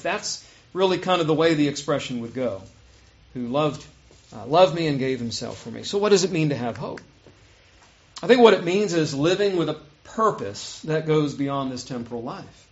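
A man's voice: fairly high pitch, lo-fi sound. A man preaching a sermon in an earnest way, rising to emphatic peaks when he reads scripture. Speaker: pastor.

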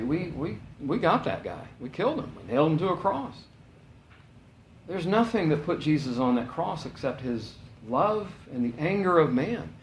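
A man preaching a sermon in a conversational, animated way, with casual asides. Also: medium pitch, echoey room, a little hiss or hum, rough recording.

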